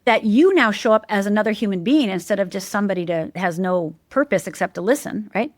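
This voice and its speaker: A woman speaking as a guest life coach in an animated interview, emphatic and teacherly, repeating key words and jumping high in pitch to mimic the people she quotes. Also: fairly quick, no echo, studio quality.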